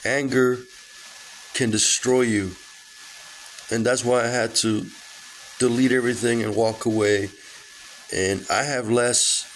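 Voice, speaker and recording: A man's voice: medium pitch, slight background noise, rough recording. A sick man with a weak voice, rambling in a casual vlog from his car with many halts and fillers. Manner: halting, full of fillers and restarts. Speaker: vlogger.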